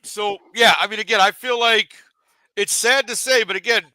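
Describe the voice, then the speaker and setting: A man's voice: high-pitched, steady tone, normal speed, bright, forceful tone, smooth, no echo, rough recording. A man hosting a casual sports talk show, chatty and leading the discussion. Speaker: podcast host.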